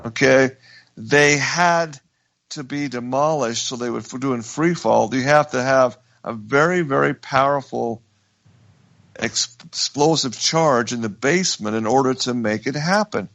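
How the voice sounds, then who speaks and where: A man's voice: medium pitch, measured pace, vocal fry, fairly bright tone, no echo, highs cut off. A man hosting a radio talk show, telling a story with emphatic restarts. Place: radio studio.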